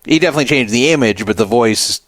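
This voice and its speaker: A man's voice: medium pitch, animated, quick pace, a bit bright, no echo. A man hosting a radio show, giving rambling, conversational commentary on the news. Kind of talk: casual commentary.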